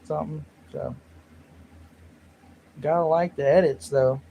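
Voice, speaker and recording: A man talks loosely to his livestream audience, his voice sitting a little high for a man. He rambles, jokes at his own expense and answers the chat as he goes. A faint hiss sits under the recording. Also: steady tone, a little slow, creaky, highs cut off. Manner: rambling, self-mocking, reads chat aloud. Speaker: livestream host.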